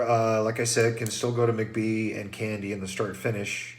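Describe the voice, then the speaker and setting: A middle-aged man with a fairly low, congested voice, stuffy from trail dust, briefs runners before a race. He rambles casually like a race director going over the rules, with lots of ums and restarts. His pitch barely moves and his pace is moderate.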